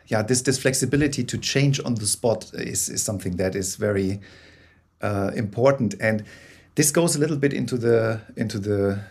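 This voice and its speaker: A man's voice: fairly low pitch, normal speed, a little mellow, slightly rough. A man being interviewed as a guest, explaining his ideas with frequent restarts and tag questions like "yeah?". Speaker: guest storyteller. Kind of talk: interview conversation.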